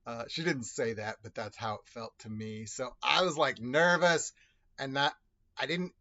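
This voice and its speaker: Brief: a man in a casual story vlog, mid-pitched and rambling, full of self-corrections, on a dull lo-fi recording. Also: animated, moderate pace, sharp tone. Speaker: video host telling personal stories.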